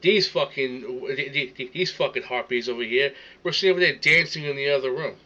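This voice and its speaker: A man's voice: mid-range voice, fairly quick, sharp tone, lo-fi sound. A man ranting in casual commentary, swearing often and stammering as he repeats words. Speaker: streamer reacting to a video.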